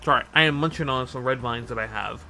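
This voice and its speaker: A man streaming casually as he builds a model kit. He rambles, asks himself questions and counts steps out loud while he works. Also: medium pitch, fast talker, faint music behind. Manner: easily sidetracked, lots of restarts and rhetorical questions.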